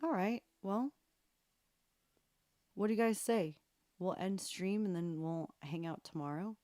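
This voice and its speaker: A woman's voice: lowish voice, normal speed, mellow, faint music behind. Chatty woman live-streaming from home. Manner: chatty and playful, laughing at herself. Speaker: livestream piano host. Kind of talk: casual chat with livestream viewers. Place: room at home. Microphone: studio microphone at varying distance.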